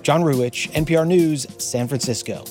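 A man delivering a scripted radio news report in a measured, even way. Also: a little high, over music.

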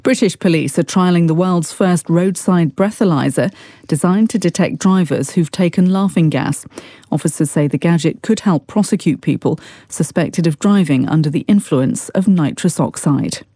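Female newsreader, dark mellow tone, dry studio read, measured and formal. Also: on the low side, breathy edge, dry recording. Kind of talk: news bulletin reading.

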